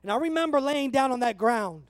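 Man, thirties, from California, very high voice, dry close sound, earnest conversational sermon. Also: animated, fairly quick, no room sound. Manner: earnest, conversational, emotional at times. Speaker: pastor.

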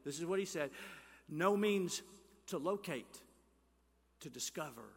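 A male pastor preaching a sermon, rising to emphatic calls, dropping to hushed near-whispers, and asking the congregation questions. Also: on the high side, expressive, measured pace, gravelly, breathy edge. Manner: asks the congregation questions and leads call-and-response. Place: church sanctuary. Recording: church hall reverb.

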